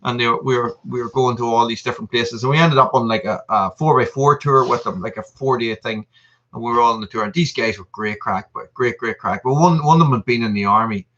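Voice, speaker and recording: A man's voice: medium pitch, a bit bright. A man, hosting a casual live stream and chatting in a rambling way while reading out viewer messages. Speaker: channel host. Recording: dull lo-fi stream audio.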